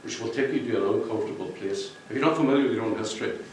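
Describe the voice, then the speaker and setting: A man's voice: on the low side, rapid-fire, slight background noise. A man giving a jokey, rambling speech to an audience at a book launch. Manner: jokey, rambling, laughs at his own jokes. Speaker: book cover artist speaking at a launch. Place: function room with an audience. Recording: echoey room, distant mic.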